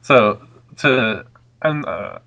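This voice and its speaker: A man's voice: medium pitch, lively intonation, very slow, pushed and bright. A man hosting a casual chat, prodding with questions and joking asides. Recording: dull lo-fi sound.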